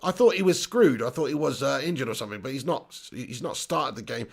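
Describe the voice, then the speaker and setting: A man's voice: mid-range voice, expressive, brisk, gravelly. A man in his thirties hosting a live football watch-along, reading out chat messages and reacting with swearing and banter. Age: 30s. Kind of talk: live-streamed match reaction.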